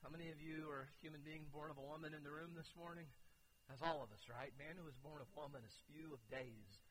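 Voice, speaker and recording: A man pastor preaching a sermon to his congregation, swinging from hushed, quiet passages to loud, urgent outbursts. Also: fairly high pitch, steady tone, quick pace, rough recording. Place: church sanctuary.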